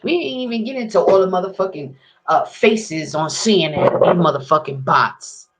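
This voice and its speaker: A woman delivering an angry, profane monologue to camera, swinging between loud outbursts and low muttering. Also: lively intonation, normal speed, a loud crowd. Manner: heated, profane ranting.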